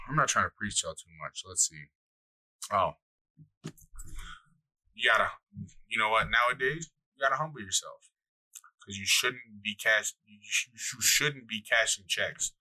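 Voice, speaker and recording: A young man co-hosting a podcast, telling a long profane story in a rambling, animated way. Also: on the low side, low-quality recording. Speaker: podcast co-host. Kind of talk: casual storytelling chat.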